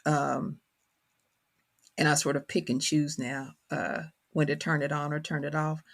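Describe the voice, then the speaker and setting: Gravelly Kentucky woman, thoughtful. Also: deep voice, flat delivery, unhurried. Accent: Kentucky country. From Kentucky, USA. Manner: thoughtful, searching for words. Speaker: author guest. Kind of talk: reflective interview conversation.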